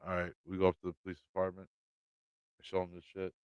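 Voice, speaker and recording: A man's voice: deep voice, monotone, fast talker, clean tone, no room sound, muffled recording. A man with a Midwestern American accent hosting a livestream, telling a story in a rambling, casual way, swearing often and laughing. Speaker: channel host talking to live chat.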